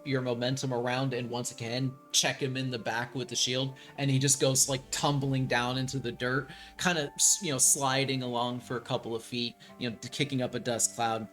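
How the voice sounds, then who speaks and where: A man narrating a tabletop role-playing game as game master, relaxed and full of ums and likes. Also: medium pitch.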